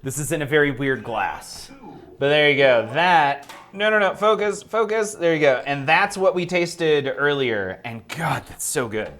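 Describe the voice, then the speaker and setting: A man's voice: a little high, animated, unhurried, a bit bright. A man co-hosting a stream, chatting playfully and reacting to the others. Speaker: stream co-host. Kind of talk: casual chat. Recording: music playing behind.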